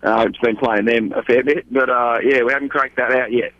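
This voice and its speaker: A man's voice: medium pitch, fairly even intonation, brisk, no echo, dull audio. A man, a touring musician, chatting casually in a radio interview, rambling with lots of fillers and laughs. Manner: rambling, laid-back, laughs often. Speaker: guest musician.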